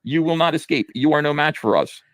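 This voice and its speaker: A man in a played review clip, reading out comic lines in a flat, mocking way. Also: on the high side, fairly quick, no room sound, clean studio sound.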